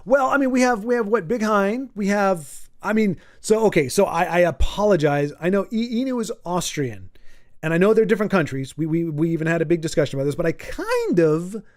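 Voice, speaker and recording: A man's voice: high voice, very animated, fairly quick. A man hosting a casual livestream, chatting to his viewers in a rambling, self-deprecating way with frequent stumbles and restarts. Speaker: livestream host.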